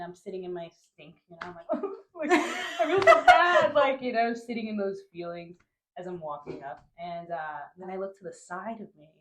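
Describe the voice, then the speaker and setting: A young woman from Honduras, a guest telling a travel story in a casual, animated way, acting out the dialogue and laughing often. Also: medium pitch. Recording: roomy echo.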